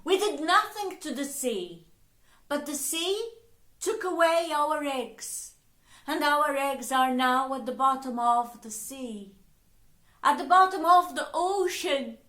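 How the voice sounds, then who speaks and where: Woman as a frantic little male bird in a storybook, high and urgent, slightly echoey. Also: lively intonation, slow, sharp tone, heavily acted. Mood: pleading. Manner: urgent, emotional. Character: desperate pleading male bird. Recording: roomy echo.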